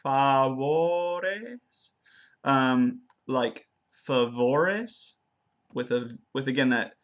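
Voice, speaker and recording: Slow, hesitant young man. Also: medium pitch. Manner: hesitant, many fillers and restarts, slows down to demonstrate words. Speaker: language student. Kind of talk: spoken self-assessment of pronunciation.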